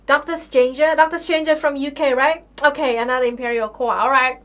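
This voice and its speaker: A woman's voice: high-pitched, moderate pace, hardly any pauses, sharp tone. A young woman hosting a live stream, chatting casually with viewers and answering questions. She talks in a sarcastic, incredulous way, with lots of fillers, and she swears now and then.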